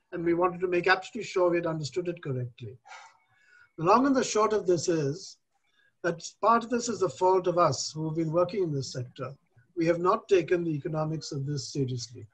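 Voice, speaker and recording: Older man, panelist, high husky voice, deliberate and emphatic, video call. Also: fairly bright tone, rough recording. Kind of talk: panel discussion.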